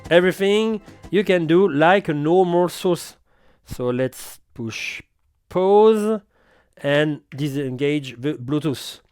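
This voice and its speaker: A man reviewing gear in slightly halting English, often restarting his sentences. His voice is smooth and sits a little on the high side, and the recording is close and dry. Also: animated, a little mellow, no room sound, faint music behind. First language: French. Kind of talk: product demo walkthrough.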